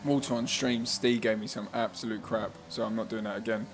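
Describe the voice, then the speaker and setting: A man's voice: fairly low pitch, steady tone, fairly quick, slight background noise. A man commentating a sim race on a live stream, chatty and laughing often as he reads out viewer comments.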